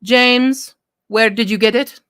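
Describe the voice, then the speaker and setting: Woman reading as a stern sorceress with a light Middle Eastern accent, suspicious and demanding, a bit high. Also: fairly even intonation, takes it slowly, fairly bright tone. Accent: attempted Middle Eastern.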